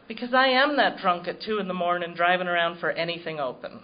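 A woman's voice: fairly low pitch, animated, fast talker, few pauses, highs cut off, slight background noise. A woman giving personal testimony at a recovery meeting, telling her story in a wry, self-mocking way.

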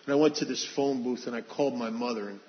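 A man's voice: mid-range voice, quick pace. Man, personal testimony, confessional, restarts a lot, dull lo-fi hall recording. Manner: earnest, confessional, frequent restarts. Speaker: speaker sharing his recovery story.

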